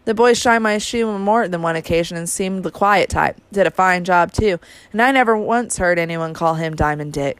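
A woman reading a quiet, steady middle-aged shopkeeper father who speaks in a measured, soft-spoken but firm way. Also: on the low side, clear, resonant tone, no echo, close to an everyday voice.

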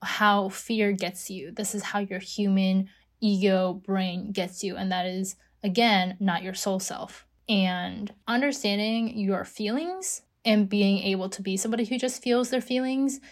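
A woman's voice: mid-range voice, fairly even intonation, a little slow. A woman life coach giving a casual self-help monologue, often using "like", "you know" and "right?". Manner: casual, full of "like" and "right?" fillers.

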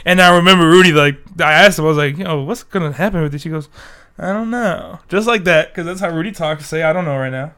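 Fast and nearly pause-free, his voice rides on the high side with a sharp yet smooth tone. He's a young man co-hosting a laid-back podcast through a desk mic, ill but full of profane jokes and frequent laughs.

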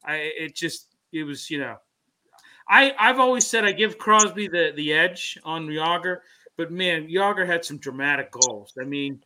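A male co-host on a hockey talk show, chatting loosely and piling up fillers as he tells stories. His voice sits a little high and sounds bright and forceful. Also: unhurried, a little hiss or hum. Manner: rambling storyteller, many "you know" fillers. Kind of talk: casual sports chat.

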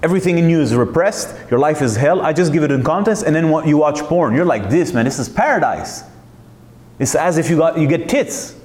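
A man's voice: a little high, fast talker, hardly any pauses, darkish tone, reverberant. A man hosting a talk, speaking in an emphatic, searching way, full of rhetorical questions and restarts. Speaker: host. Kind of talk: reflective monologue.

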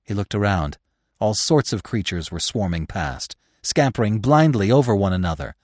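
Guy reading an old classic story, dramatic, goes from quiet hush to loud, lively voice. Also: fairly low pitch, normal speed, dry recording, studio quality. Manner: dramatic, with big swings between hushed lines and loud ones. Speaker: podcast narrator. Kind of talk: scripted narration of a classic novel.

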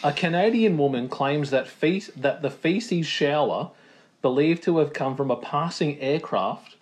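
A man's voice: on the high side, expressive, unhurried. A man co-hosting a podcast, chatting in laid-back banter. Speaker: podcast co-host. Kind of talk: casual chat.

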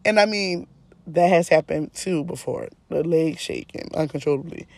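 A woman's voice: low-pitched, moderate pace, darkish tone, dry recording. A woman hosting a podcast, telling a personal story in a frank, casual way, often laughing and swearing. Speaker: podcast host.

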